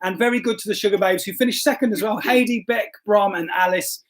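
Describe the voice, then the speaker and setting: Brief: male pastor hosting a live stream, high voice, jokey, apologetic, bumbling. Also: fast talker, fairly bright tone. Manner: jokey and self-deprecating, stumbles and apologizes. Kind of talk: casual livestream chat, reading quiz results.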